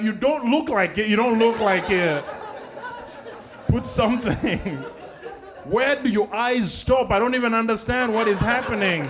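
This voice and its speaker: A man from Africa performing stand-up comedy, animated and acting out the people he describes. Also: a little high.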